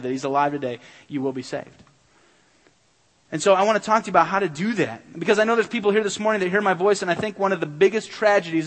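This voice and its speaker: A man's voice: high-pitched, fairly bright tone. A middle-aged pastor preaching a sermon in a church, earnest and urgent, pressing his points through repetition. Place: church sanctuary. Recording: long hall reverb.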